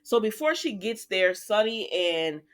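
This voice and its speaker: A chatty woman with a drawl, recapping a soap opera episode for her viewers. She talks at a mid pitch in a loose, conversational way and slips her own opinions in between the quoted lines. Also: big pitch swings, measured pace. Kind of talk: casual chat, recapping a TV episode.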